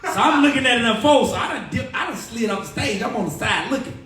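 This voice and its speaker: Male radio guest, animated storyteller, off-mic in a roomy space. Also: extremely high pitch, fast, soft background music. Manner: lively slang-heavy storytelling. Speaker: radio personality, podcast guest. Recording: echoey room, distant mic.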